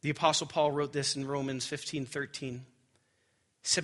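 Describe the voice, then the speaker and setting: A young adult man preaching a sermon with animated storytelling that swings high when he gets excited. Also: moderate pace. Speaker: pastor.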